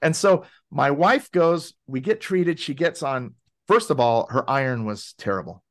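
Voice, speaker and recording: A man as a podcast guest, telling a story in a casual, animated way and acting out quoted voices. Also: mid-range voice, a little slow. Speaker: podcast guest, wellness advocate.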